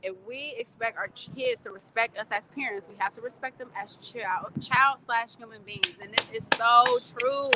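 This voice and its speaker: A young woman co-hosting a casual chat show, reading viewer comments aloud and talking in an animated, rambling way with quick laughs and restarts. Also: on the high side, background noise.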